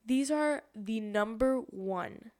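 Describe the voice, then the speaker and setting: Excitable young woman, high voice. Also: slow. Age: 20s. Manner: excitable, animated storyteller. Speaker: podcast co-host. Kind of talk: casual chat.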